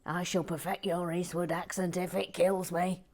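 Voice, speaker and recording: A woman's voice: lowish voice, level tone, moderate pace, a little mellow. A woman voicing a pedantic cheeky male viewer.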